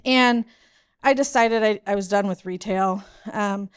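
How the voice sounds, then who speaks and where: A woman's voice: mid-range voice, unhurried, clear, resonant tone. A woman in her forties giving a chatty, self-deprecating conference talk about her career. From Southern US. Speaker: conference speaker.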